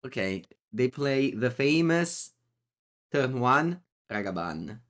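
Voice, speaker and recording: A man with an Italian accent streams his gameplay, thinking out loud and bantering with his chat. His voice sits at a middle pitch but swings widely and animatedly from phrase to phrase. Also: slow pace. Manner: animated, chatty, talks to himself and chat. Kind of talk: live gameplay commentary.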